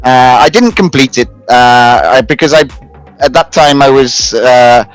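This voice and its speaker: A man's voice: medium pitch, a little slow, clean tone, soft background music, rough recording. A British man in his thirties, a talk-show guest telling his career story in a rambling way, full of restarts and self-mocking laughs. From United Kingdom. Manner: rambling, many restarts and fillers, laughs at himself. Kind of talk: casual conversational storytelling.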